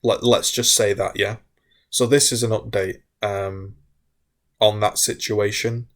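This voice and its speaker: A man's voice: fairly low pitch, little pitch movement, unhurried. A man, a gaming content creator, talking candidly to his viewers, wound up and frustrated, rambling with repeated restarts. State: wound up, hiccuping. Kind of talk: candid talk to camera.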